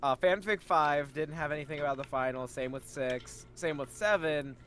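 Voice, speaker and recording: Young man, co-host, animated banter, teasing, swears, slightly high voice. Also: normal speed, soft background music. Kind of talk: casual livestream banter.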